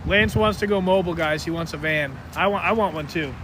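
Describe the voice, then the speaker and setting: A man's voice: fairly high pitch, a little fast. A man hosting a live stream outdoors in a town square, talking straight to his viewers in an upbeat way on a phone camera. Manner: upbeat, addresses viewers directly, hypes the stream. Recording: noisy outdoor street sound.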